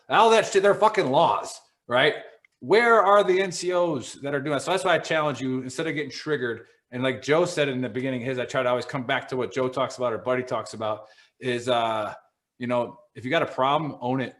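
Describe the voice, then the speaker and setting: A man's voice: a little high, fairly quick, a bit bright. Blunt, profane man telling war stories. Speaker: podcast co-host. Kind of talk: casual podcast chat.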